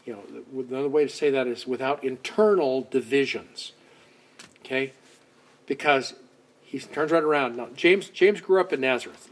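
A man preaching a conversational sermon, acting out quoted voices and dropping to soft asides. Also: a little high. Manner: conversational, dramatic swings between loud outbursts and soft asides.

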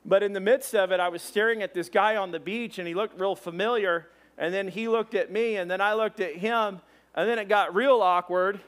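Male pastor, high voice, animated storyteller, sermon delivery, bursts of loud exclamation. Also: brisk.

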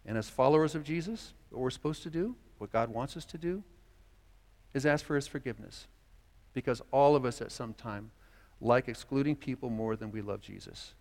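A man's voice: mid-range voice, normal speed, a little mellow. A man preaching a sermon as pastor, earnest, voicing quoted dialogue as he speaks. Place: church sanctuary. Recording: long church reverb.

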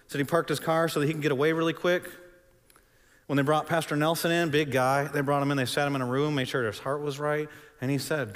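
A man preaching a sermon, telling a story dramatically and swinging between loud and hushed delivery. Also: on the high side, level tone, quick pace, long reverb tail. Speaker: pastor.

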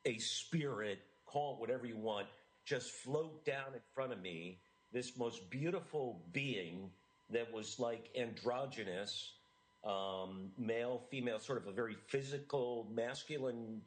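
A man's voice: mid-range voice, measured pace, poor audio. A middle-aged man, an interview guest, telling a personal story in an earnest, emotional way with frequent laughs.

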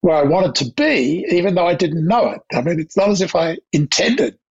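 Older Australian man, gravelly and husky, reflective interview guest, slightly dull recording. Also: high voice, big pitch swings. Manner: anecdotal, measured, with restarts. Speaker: guest, diplomat.

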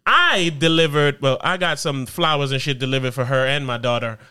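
A man in his thirties co-hosting a podcast, telling stories in casual chat and acting out other people's lines in his own high voices. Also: brisk, clear, resonant tone. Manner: animated storyteller, acts out quotes in high voices. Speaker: podcast co-host.

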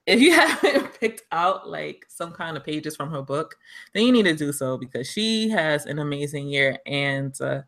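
Bright-voiced New York woman. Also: sits low, expressive, normal speed. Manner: chatty, emphatic, laughs often. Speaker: podcast co-host. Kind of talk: casual chat.

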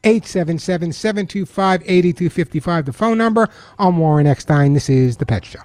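A man's voice: high voice, a little fast, a little mellow, no room sound, studio quality. A man from Long Island hosting a call-in pet radio show, chatty and jokey, often repeating the phone number. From Long Island, New York. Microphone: studio microphone.

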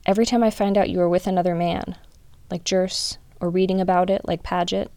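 A woman's voice: lowish voice, steady tone, fairly quick, dark tone, no echo, lightly acted. Mulder, a woman reading as a brooding agent. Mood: pressing. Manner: pressing, insistent. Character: brooding male FBI agent, intense and lovesick.

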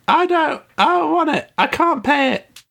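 A man putting on a high, panicked voice as a frightened borrower who cannot pay his loan, pleading and shrill. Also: expressive, unhurried, creaky, a bit bright, full character voice.

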